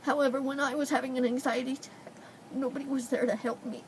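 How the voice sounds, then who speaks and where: Tearful high-voiced young woman, sniffling. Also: steady tone, quick pace, slight background noise, poor audio. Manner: tearful, pleading. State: crying, sniffling. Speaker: vlogger. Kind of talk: emotional personal vlog. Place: indoors at home.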